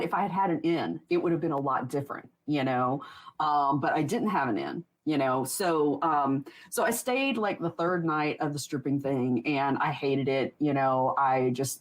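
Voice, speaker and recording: Low, husky woman telling stories. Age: 40s. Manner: rambling, laughs often, many restarts. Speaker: podcast guest. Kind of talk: casual interview storytelling.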